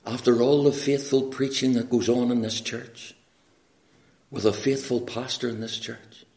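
A man with a Northern Irish accent preaching an evangelistic sermon full of stories, swinging from hushed words to loud, pleading questions. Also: mid-range voice, steady tone, unhurried, echoey room.

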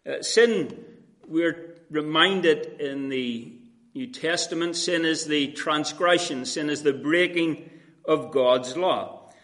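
A man preaching an expository sermon, addressing his listeners as friends, with frequent pauses and fillers. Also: on the high side, a bit bright.

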